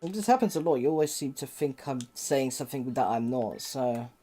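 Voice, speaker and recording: A person playing a video game on stream, chatting casually with a blunt, flat delivery and swearing at the game. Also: medium pitch, a little fast, slight background noise. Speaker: co-player in a versus game stream. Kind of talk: casual chat while gaming.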